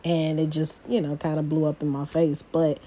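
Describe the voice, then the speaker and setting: Low-pitched young woman just talking to y'all on her podcast, chatty and open. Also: flat delivery, moderate pace, warm tone, slight background noise. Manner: chatty, confiding, talks straight to listeners as "y'all". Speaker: podcast host. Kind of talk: casual personal podcast talk.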